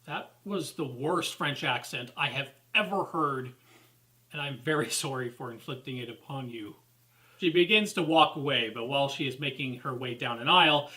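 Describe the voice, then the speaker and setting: A man's voice: medium pitch, bright, forceful tone, low-quality recording. A man reading a scripted movie review, critical and sarcastic. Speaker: film reviewer.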